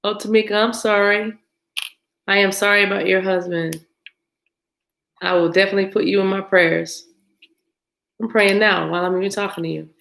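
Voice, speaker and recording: A woman's voice: mid-range voice, steady tone, normal speed, gravelly, pauses often, fairly bright tone, low-quality recording. An American woman hosting a tarot live stream, chatting casually with viewers, greeting them and laughing often as she shuffles cards.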